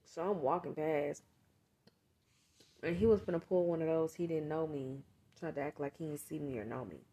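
A woman telling a story straight to her viewers in a casual vlog, cursing freely and swinging from muttered asides to loud, heated outbursts. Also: sits low, normal speed, husky. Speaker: vlogger and mother.

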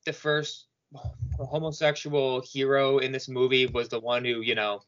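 A man's voice: medium pitch, unhurried, muffled recording. A man co-hosting a casual movie podcast, enthusiastically praising the film's actors. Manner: enthusiastic, excitable. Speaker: podcast co-host.

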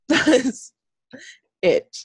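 A woman's voice: drawn-out words, no room sound. A woman co-hosting a podcast in casual chat, talking candidly, swearing and laughing often. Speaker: podcast co-host. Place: home, lived in Los Angeles.

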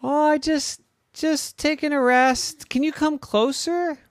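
A man voicing a tired old grandma car in a bedtime story, rumbling and coaxing. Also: steady tone, slow pace, no room sound, studio quality, full character voice.

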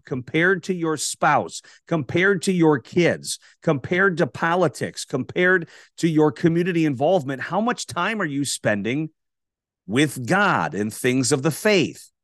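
A man's voice: on the high side, a bit bright, dry recording, clean studio sound. A man, a radio host, giving an emphatic faith-based talk built on repeated rhetorical questions. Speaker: radio host and podcast guest.

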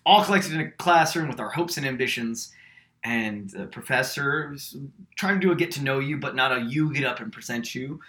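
A young man co-hosting a casual podcast, telling a long story in an animated way and acting out the people he quotes. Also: mid-range voice, a little fast. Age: young adult. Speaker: podcast co-host.

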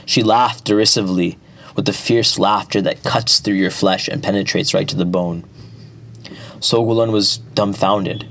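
A man narrating an epic folk tale at a measured pace, with small restarts. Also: on the low side, fairly even intonation, a bit bright. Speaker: storyteller.

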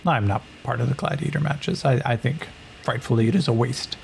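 A man's voice: medium pitch, brisk, gravelly, a little mellow, slight background noise, close to an everyday voice. A man voicing a cold, calculating female Atlantean scientist who lectures in a clinical, condescending way.

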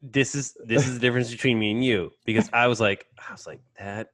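A man's voice: medium pitch, fairly even intonation, quick pace, a bit bright, dry recording, studio quality. A man co-hosting a casual chat over a video call, joking and telling stories with animation. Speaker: podcast co-host.

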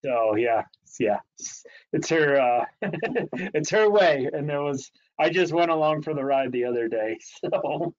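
A man's voice: on the high side, expressive, a little slow. Rambling man telling a story. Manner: rambling, laughs often, many restarts. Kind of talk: casual chat, storytelling. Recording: slightly muffled lo-fi audio.

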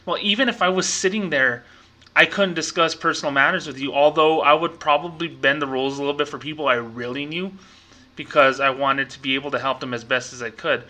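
With a sharp tone and medium pitch, a young man hosts a casual monologue podcast. Once a bank employee, he rants frankly about that old job, telling stories and acting out quotes.

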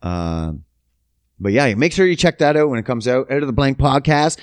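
A man's voice: medium pitch, expressive, moderate pace, clear, resonant tone, no echo, studio quality. A man rambling through a casual comedic monologue, swearing freely and joking at his own expense. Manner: rambling, profane, self-mocking.

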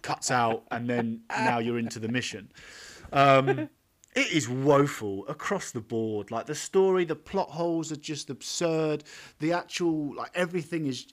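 Blunt, sweary male podcast host. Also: mid-range voice. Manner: talks over co-hosts, laughing often. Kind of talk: casual film review chat.

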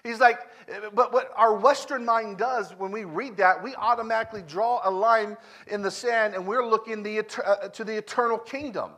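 A male pastor preaching a lively sermon, repeating words and asking the congregation questions. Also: high-pitched, normal speed. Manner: energetic, repeats words, asks the crowd questions.

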